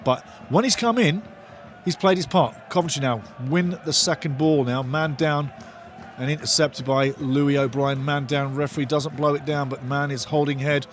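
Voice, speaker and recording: A man hosting a live football watch-along, commentating excitedly, shouting at big moments and reading viewer comments aloud, often repeating his phrases. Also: on the high side, moderate pace, slight background noise.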